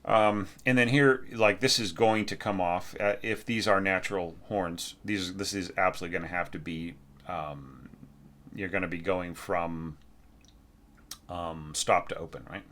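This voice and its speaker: A very low-voiced man talking through a piece of music in an easygoing, thinking-aloud way. He gives feedback like a teacher and breaks into sung "da da" phrases to show a line. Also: steady tone, measured pace, fairly bright tone. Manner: thinking aloud, sings melodies on nonsense syllables. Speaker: orchestration teacher. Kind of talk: casual spoken score evaluation.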